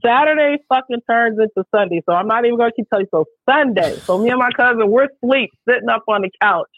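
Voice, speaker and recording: A woman who works as a show promoter, telling stories in a casual podcast chat, animated, emphatic and heavy on swearing. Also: a little high, quick pace, slight background noise. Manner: profane, animated, emphatic storytelling. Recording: dry, tinny phone-like sound.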